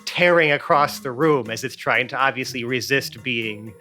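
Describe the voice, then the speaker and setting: A man narrating as game master in a casual, relaxed way, with many fillers. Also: mid-range voice, moderate pace, soft background music.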